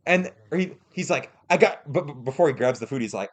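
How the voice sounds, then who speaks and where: A young man with a slightly high voice tells a story on a podcast. He is animated and swears freely, and he drops into quick impressions of the people he describes. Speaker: podcast co-host. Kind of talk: casual storytelling chat.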